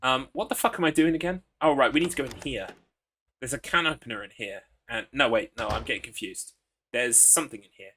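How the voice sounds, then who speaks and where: A man's voice: mid-range voice, lively intonation, a little fast, sharp tone, slight background noise. A man streaming a horror game live, chatting casually in a rambling, crude, joking way with plenty of fillers.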